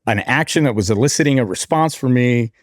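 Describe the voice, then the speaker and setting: A man from California, a podcast guest, telling stories in an animated, slangy way. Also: medium pitch, a little fast, no echo, studio quality. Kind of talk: casual storytelling interview.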